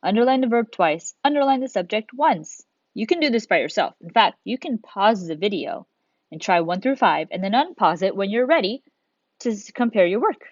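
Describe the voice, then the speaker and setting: Speaking at a moderate pace with lively intonation, a woman with a mid-range voice teaches young students in a recorded video lesson, encouraging them through every step. It sounds like a simple home recording: a bit dull, close, dry, and echo-free.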